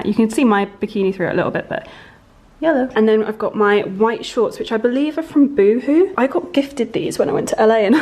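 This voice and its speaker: A young woman chatting casually in a home vlog, bubbly and often dropping into a soft half-whisper. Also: medium pitch. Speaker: vlogger.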